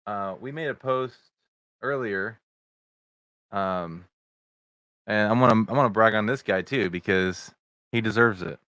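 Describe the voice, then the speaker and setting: A man's voice: lowish voice, measured pace, pauses often, fairly bright tone, clear, resonant tone, no echo. A middle-aged man hosting a casual livestream podcast over video chat, rambling with many fillers and greeting viewers in the chat. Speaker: podcast host. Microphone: video chat setup.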